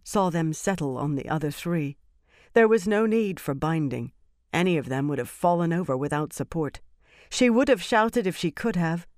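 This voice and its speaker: A woman with a low-sitting voice reads a fantasy audiobook in a steady, measured scripted narration. The studio-quality recording has no echo.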